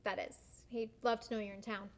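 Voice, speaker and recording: A young actress playing a blunt, teasing younger sister in a student stage play. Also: female voice, mid-range voice, flat delivery, brisk, close to an everyday voice. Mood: chatty. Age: young adult. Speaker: actor.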